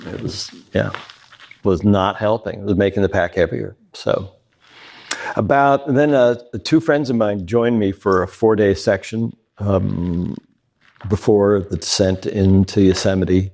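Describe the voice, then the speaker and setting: Gravelly-voiced man telling trail stories. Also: lowish voice, unhurried. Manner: animated, laughing, candid storyteller. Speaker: guest. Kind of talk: casual interview storytelling.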